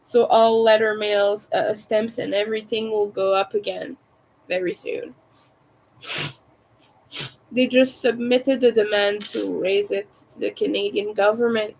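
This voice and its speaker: Slow-talking woman with a French accent. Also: mid-range voice, level tone, creaky, darkish tone, slight background noise, rough recording. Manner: carefully overpronounces her T's. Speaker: crochet livestreamer. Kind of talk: casual livestream chat.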